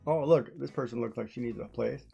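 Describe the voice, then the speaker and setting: A woman's voice: extremely low pitch, fairly quick, vocal fry, dark tone, breathy edge, lo-fi sound, faint music behind. A woman streamer chatting casually as she plays, telling stories with frequent laughter. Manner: chatty storytelling, laughing often. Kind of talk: casual chat while playing a game.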